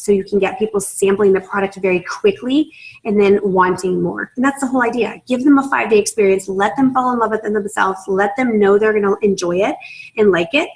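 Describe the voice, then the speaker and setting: A woman's voice: medium pitch, rough recording. A woman leading a sales training session, talking in a persuasive, conversational way and often checking in with her listeners. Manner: persuasive, conversational, checks in with "right?" and "you understand?". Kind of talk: training talk to a group.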